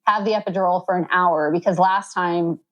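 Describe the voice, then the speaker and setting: A woman in her thirties telling her birth story as a podcast guest, chatty, full of fillers, and acting out what others said with sudden jumps up in pitch. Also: steady tone, a little fast, dull audio. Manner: acts out quoted dialogue with sudden high pitch jumps. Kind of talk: casual storytelling.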